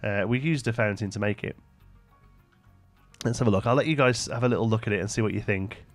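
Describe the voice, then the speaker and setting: This casual live-stream comes from a young man playing a building game, musing aloud and chatting with viewers between frequent fillers. He speaks fast in a fairly low voice, with faint music behind.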